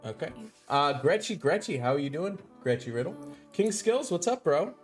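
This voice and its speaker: A man's voice: fairly high pitch, big pitch swings, moderate pace, soft background music. A man hosting a casual game live stream, upbeat and chatty as he greets viewers by name.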